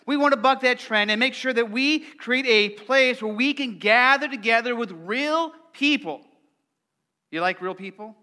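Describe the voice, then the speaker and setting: A middle-aged man preaching a lively, playful sermon and asking the congregation questions. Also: very high-pitched, moderate pace, smooth. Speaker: pastor.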